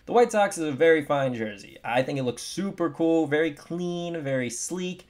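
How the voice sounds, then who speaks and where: A young man giving casual, opinionated sports commentary, animated with emphatic swings in his delivery. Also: a little high, normal speed.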